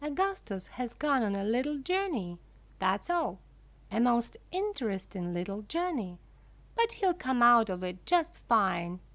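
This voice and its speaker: A woman playing an excitable, eccentric storybook candy maker who teases and exclaims. The voice is raised and bouncy, with leaps of pitch, delivered at an unhurried pace. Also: full character voice. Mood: playful. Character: giggling eccentric man, playful candy maker.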